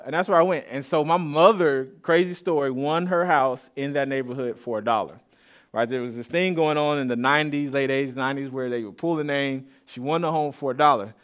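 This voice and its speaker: A pastor from east Austin delivers his sermon like a chat with the congregation. He slips in stories and joking asides, and his voice sits at an everyday middle pitch for a man. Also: a bit bright, clear, resonant tone. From east Austin, Texas. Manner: conversational, storytelling, with asides and laughs. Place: church sanctuary.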